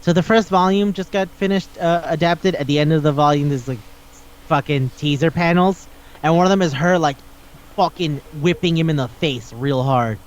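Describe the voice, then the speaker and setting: Man, podcast host, casual chat, fairly high voice, swears a lot, rambling, dull lo-fi sound. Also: moderate pace. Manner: rambling, profane, acts out dialogue as he retells.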